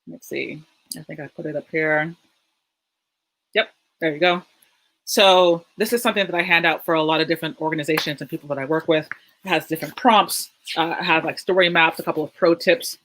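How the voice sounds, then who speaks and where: A woman hosting a livestream in a quick, casual, chatty way. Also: low voice, fairly even intonation, a bit bright, low-quality recording. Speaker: host. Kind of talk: livestream presenting.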